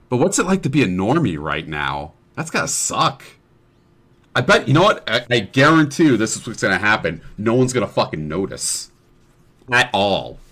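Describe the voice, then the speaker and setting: A man's voice: low-pitched, fairly bright tone. Rambling, cussing young man streamer. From New Jersey family. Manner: rambling, profane, sarcastic. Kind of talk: casual chat while gaming.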